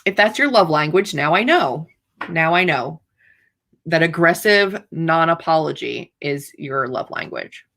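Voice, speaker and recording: A woman's voice: deep voice, expressive, measured pace, a bit bright. A woman author hosting a livestream, chatting casually in a rambling, playfully dramatic way. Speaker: author hosting writing sprints.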